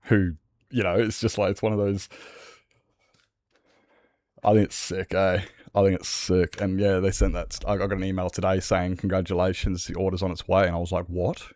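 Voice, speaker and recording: A man's voice: deep voice, level tone, normal speed, a little mellow, no echo, clean studio sound. An Australian man chatting casually and swearing freely with his viewers as a livestreamer, rambling from one thought to the next.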